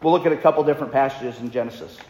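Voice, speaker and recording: A man's voice: mid-range voice, rapid-fire, a little mellow. A man preaching a sermon in a conversational way, reading scripture aloud. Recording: echoey hall reverb.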